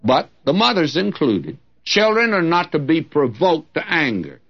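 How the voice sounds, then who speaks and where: A man's voice: on the high side, sing-song, a little slow, husky. An older male pastor preaching a sermon in a folksy, humorous way, reading scripture with emphatic swings. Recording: dull lo-fi old sermon recording.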